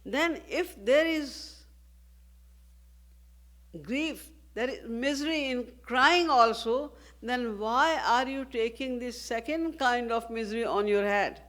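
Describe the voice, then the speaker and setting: A woman spiritual teacher giving a devotional discourse, speaking in a measured way and posing rhetorical questions. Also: fairly high pitch, a bit bright.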